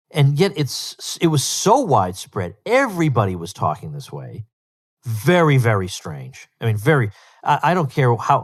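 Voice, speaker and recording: A man hosting a solo podcast, talking emphatically and with disbelief, often repeating words for stress. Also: medium pitch. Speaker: podcast host.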